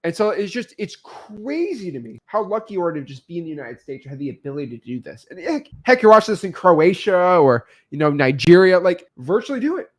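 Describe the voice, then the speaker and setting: A man hosting a casual livestream, answering viewer questions and telling stories in an upbeat, animated way. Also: sits high, a little fast, hardly any pauses.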